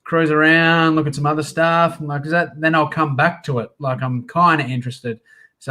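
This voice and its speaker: A man's voice: fairly high pitch, fairly even intonation, sharp tone, low-quality recording. An easygoing Australian man chats on a live stream. He runs his phrases together loosely and keeps things casual. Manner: easygoing, talks quickly in loose run-on phrases. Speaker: co-host.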